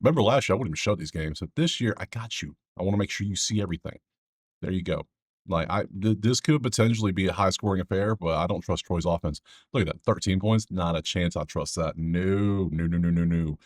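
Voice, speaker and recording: A man's voice: deep voice, brisk, no echo, studio quality. A man hosting a casual sports betting breakdown, rambling with joking asides to his viewers.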